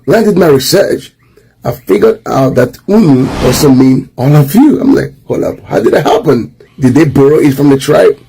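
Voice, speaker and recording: A man with a husky, dark voice, talking straight to camera. He explains with animated amazement, repeating points for stress. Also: medium pitch, normal speed, low-quality recording. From Nigeria. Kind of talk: casual talking-head explainer.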